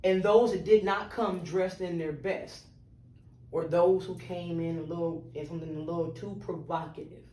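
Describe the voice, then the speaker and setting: A man with a notably high voice co-hosts a casual podcast about faith. He talks emphatically, breaks in with reactions and keeps checking in with "right?" as he works through a point. He sits well back from the mic in a roomy, echoing space. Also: fairly even intonation, mellow. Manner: emphatic, exclaims "Lord" and "Jesus" in reaction; builds points slowly with rhetorical "right?". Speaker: podcast co-host. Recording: roomy sound, distant from the mic.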